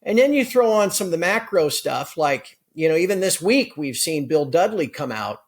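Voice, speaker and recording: A man speaking as a guest analyst in a conversational interview, brisk and explanatory. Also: on the high side, big pitch swings. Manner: brisk, explanatory, with occasional laughs.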